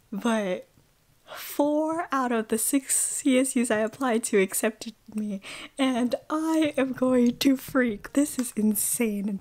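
A woman's voice: fairly high pitch, darkish tone. A teenage girl in her late teens filming a casual video diary, gushing and close to tears, often dropping into a sleepy whisper. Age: high school senior, about 18. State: sleepy, just woke up. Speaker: vlogger. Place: bedroom, in bed.

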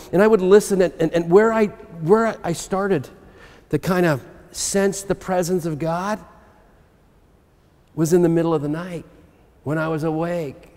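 A fairly high-pitched man with a darkish tone delivers a sermon as pastor. He's earnest and personal, reading from scripture and recounting his own story, and the church sanctuary adds a long hall reverb.

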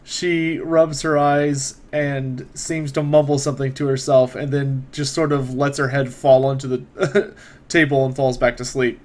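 A man's voice: mid-range voice, flat delivery, a little slow, a little mellow. A man narrating a tabletop role-playing game as game master, with frequent hesitations. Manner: hesitant, many fillers and restarts.

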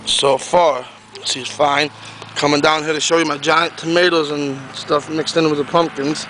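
Guy walking his pumpkin patch w a camera, bit high voice, repeats himself a lot. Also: little pitch movement, moderate pace, noisy background. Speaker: pumpkin grower. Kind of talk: casual garden video tour. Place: outdoors in a garden.

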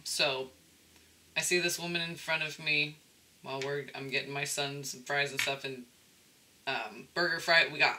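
Bright-voiced man rambling through a tarot reading. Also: mid-range voice, creaky, a little hiss or hum, low-quality recording. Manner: rambling, checks in with "okay?" often. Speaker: tarot reader.

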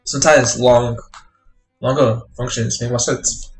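A man with a medium-pitched voice and fairly even intonation speaks a little slowly over a low-quality recording. Streaming his game programming, he thinks aloud and mutters to himself as he types code, with music and keyboard typing in the background.

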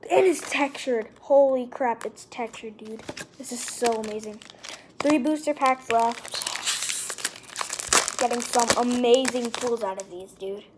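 Woman, unboxing vlogger, high voice, unhurried delivery, excitable and gushing. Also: background noise. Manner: excitable, gushing over pulls, lists cards quickly. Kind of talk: casual unboxing commentary. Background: card and wrapper crinkling.

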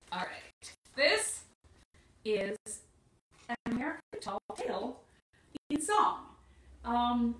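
A woman's voice: a little high, reverberant, background noise. A woman hosting a children's storytime, singing songs, reading poems and playing up sound effects. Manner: animated, sings and chants with sound effects.

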